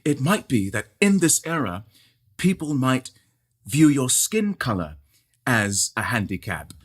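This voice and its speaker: A man's voice: medium pitch, big pitch swings, unhurried, pitched above the performer's own voice. A man voicing a polite, hesitant British male theatre director in a put-on British accent. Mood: tactful. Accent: British, put on badly.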